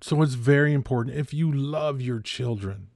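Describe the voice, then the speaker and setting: A man's voice: mid-range voice, normal speed, gravelly, a little mellow, dry recording. A man in his fifties hosting a podcast, delivering a heated opinion monologue that repeats points for emphasis. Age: 50s. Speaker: podcast host.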